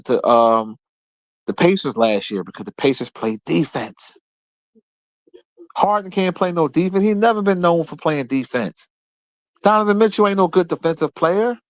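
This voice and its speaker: Animated man trash-talking sports. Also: on the high side, dry recording. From Philadelphia area. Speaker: host. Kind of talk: casual sports rant.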